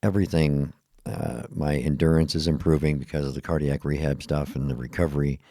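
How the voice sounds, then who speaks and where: A middle-aged male podcast host delivers a tired, rambling, self-deprecating monologue, yawning and often laughing at himself. His rumbling low voice is mellow and brisk with fairly even intonation, captured as clean studio sound without echo.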